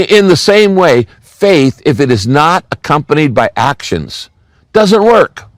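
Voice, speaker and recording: An older man preaching a sermon as a pastor, reading scripture and speaking in a conversational, expressive way. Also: a little high, no echo.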